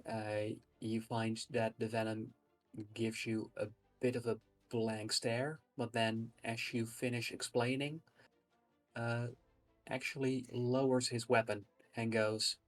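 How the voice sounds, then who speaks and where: A man narrating as game master of a tabletop game, pausing often with fillers. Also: medium pitch, flat delivery, faint music behind. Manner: halting, with many "uh" fillers.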